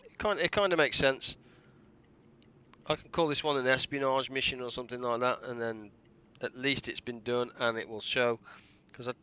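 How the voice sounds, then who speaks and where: A man's voice: mid-range voice, fairly even intonation, moderate pace, sharp tone, muffled recording, slight background noise. A British man chatting casually while streaming a game live, rambling and often restarting his sentences. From Britain. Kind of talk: casual live gameplay chat.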